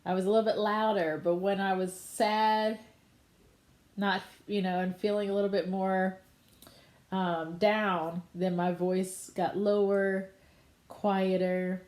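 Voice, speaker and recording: A woman's voice: mid-range voice, little pitch movement, slow pace, darkish tone, echoey room. A woman teacher patiently explaining voiceover delivery in a conversational online lesson.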